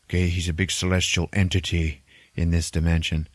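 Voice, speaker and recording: A man hosting a podcast, recapping a movie in a casual, animated way, swearing freely and laughing often. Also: sits low, a little fast, dry recording. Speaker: podcast host.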